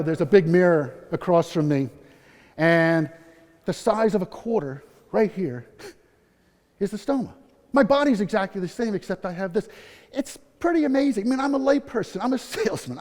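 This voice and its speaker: A man's voice: high-pitched, darkish tone. A middle-aged man speaking candidly at a conference, telling a personal story with self-deprecating humor. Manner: candid, self-deprecating, quotes people in their voices. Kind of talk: personal story told on stage. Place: conference hall. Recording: long hall reverb.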